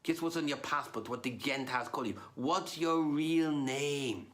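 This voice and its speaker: A man voicing an elderly Orthodox rabbi who speaks slow, drawn-out English with a heavy Yiddish accent and keeps pressing the same question. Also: fairly high pitch, lightly acted. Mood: insistent.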